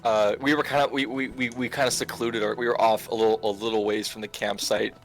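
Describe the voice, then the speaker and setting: This young male co-host in his twenties narrates a humorous tale during gameplay, recorded via remote call with screen share. His fairly low voice moves quickly with little change in pitch, broken up by frequent laughter, restarts and fillers, and faint music can be heard underneath.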